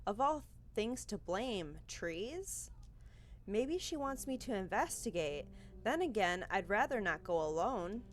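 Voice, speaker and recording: Expressive woman reading through a game. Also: medium pitch, slow pace. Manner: expressive, anxious and swears casually. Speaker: game streamer. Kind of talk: reading and reacting to a visual novel.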